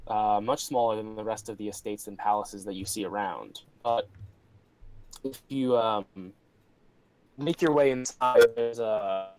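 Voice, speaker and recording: A man's voice: fairly low pitch, darkish tone, poor audio. Male game master, casual, hesitant delivery, lots of ums, home voice-call mic. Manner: casual, hesitant, many fillers. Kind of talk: narrating a tabletop role-play game online.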